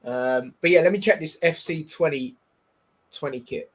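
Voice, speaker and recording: A man with a fairly high voice and a moderate pace hosts a live football watchalong. He banters and rambles with plenty of fillers, calling the match as it unfolds in casual stream chat.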